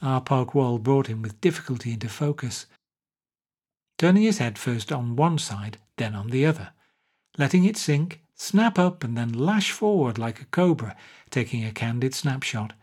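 A man reading a short story aloud in a measured, wry narration. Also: medium pitch, animated, darkish tone, breathy edge. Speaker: audiobook narrator. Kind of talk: scripted narration.

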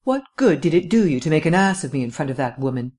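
A stubborn, irritable district attorney, gruff and blunt, who is losing patience, voiced by a man. He is a figure in an audiobook mystery. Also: on the high side, expressive, moderate pace, darkish tone, natural voice. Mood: exasperated. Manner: blunt, exasperated.

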